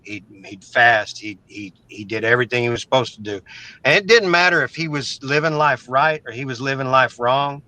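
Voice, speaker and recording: A man's voice: medium pitch, normal speed, sharp tone, dry recording, low-quality recording. A middle-aged man from Oklahoma, a guest telling a story in a casual, blunt, profane way, often stumbling and repeating words. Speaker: interview guest.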